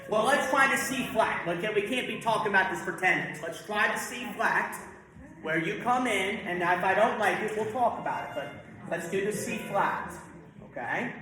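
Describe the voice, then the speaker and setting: A man conducting a choir and orchestra rehearsal, giving brisk directions and counting the players in. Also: high-pitched, animated. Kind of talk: rehearsal instruction. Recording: very echoey hall with music.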